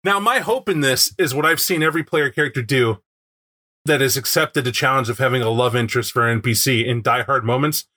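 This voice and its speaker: A man chatting casually about a tabletop game, animated and acting out scenes with sound effects. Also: mid-range voice, a little fast.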